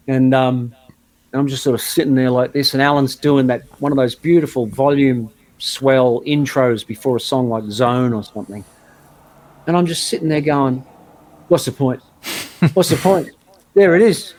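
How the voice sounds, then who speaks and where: A man's voice: mid-range voice, darkish tone. Chatty man telling a story. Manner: chatty anecdotal storyteller, frequent restarts. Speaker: guest guitarist. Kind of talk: casual storytelling interview.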